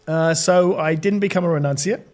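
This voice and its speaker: British man, middle-aged, fairly high voice, animated storytelling, lots of ums and restarts. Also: a little fast. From Britain. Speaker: podcast guest. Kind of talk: storytelling in interview.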